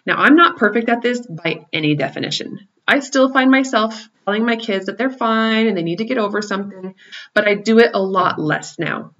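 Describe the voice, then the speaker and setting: A woman in her thirties telling a personal story about her children in an earnest, reflective way, with soft laughs at herself. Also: medium pitch, normal speed. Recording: slightly dull lo-fi recording.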